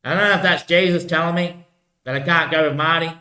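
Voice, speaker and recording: A man's voice: fairly high pitch, steady tone, quick pace, pushed and bright, reverberant. A man talking in a loose, drifting solo monologue, repeating himself and tossing in "mate" often. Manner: repetitive, keeps saying "mate" and "bloody hell"; loose, drifting talk with frequent laughs. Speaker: vlogger.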